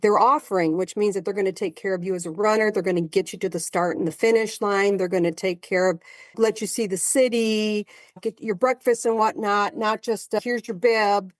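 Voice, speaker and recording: A woman in her sixties, a marathon runner guesting on a podcast, telling stories in a chatty, animated way. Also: medium pitch, a little fast, dry recording, clean studio sound. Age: 60s. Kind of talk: casual storytelling chat.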